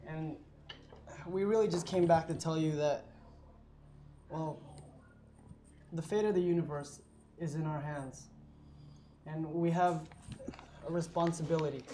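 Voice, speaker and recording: A man playing a tabletop game in character, talking in a halting, emotional way with many restarts. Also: fairly high pitch, warm tone, a little hiss or hum. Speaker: player. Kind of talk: in-character role-play.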